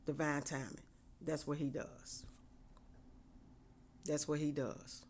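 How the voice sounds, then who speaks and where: A woman's voice: low-pitched, flat delivery, slow pace, a little mellow. Woman giving repetitive faith encouragement. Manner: repetitive, preachy, conversational. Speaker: faith vlogger. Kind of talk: casual spoken encouragement.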